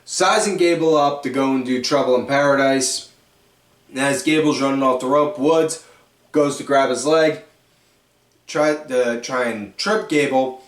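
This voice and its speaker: Slow-talking man recapping wrestling. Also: mid-range voice. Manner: animated play-by-play storytelling with self-corrections. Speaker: podcast host. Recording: echoey room, distant mic.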